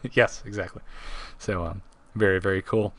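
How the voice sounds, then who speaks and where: A man's voice: low voice, fairly even intonation, normal speed, gravelly, no room sound, studio quality. A man co-hosting a casual live podcast, running a trivia segment and reading quotes with playful emphasis.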